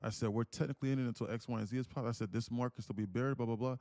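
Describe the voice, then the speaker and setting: A man hosting a live day-trading stream, preaching emphatically and repeating himself as he pitches memberships. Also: steady tone, very fast, mellow, no room sound. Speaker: day-trading livestream host.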